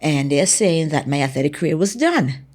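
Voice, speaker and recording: A Bahamian woman, a former track athlete, telling stories from her career in an interview, acting out the dialogue with animated energy. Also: low-pitched, normal speed. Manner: animated storyteller, acts out dialogue. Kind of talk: storytelling in a sit-down interview.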